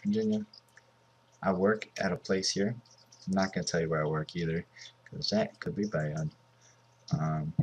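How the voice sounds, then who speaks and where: A man's voice: low-pitched, darkish tone, breathy edge. A man in his twenties from Southern California, giving casual, rambling commentary over a mobile game. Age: 20s. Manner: rambling and offhand.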